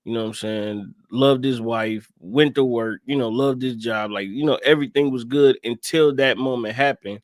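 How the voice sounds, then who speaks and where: A man's voice: mid-range voice, normal speed, hardly any pauses, no echo, clean studio sound. A man co-hosting a casual movie podcast, talking emphatically and with lots of profanity. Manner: emphatic, profane, keeps saying "you know what I'm saying". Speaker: podcast co-host. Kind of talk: casual movie-review chat.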